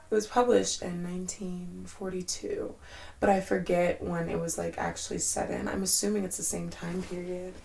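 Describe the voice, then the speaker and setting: In a mid-range, slightly mellow voice with vocal fry, a young woman rambles to herself in a loose, candid solo vlog. She swears freely, leans heavily on "like," laughs suddenly, and sinks to a near-whisper in reflective moments.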